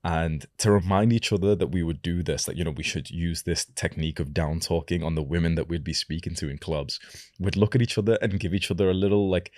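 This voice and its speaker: A young man coaching viewers, talking slowly and deliberately and lowering the end of each sentence. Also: darkish tone, no echo, studio quality. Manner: slow, deliberate delivery with lowered sentence endings. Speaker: self-improvement coach. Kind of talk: advice talk to camera.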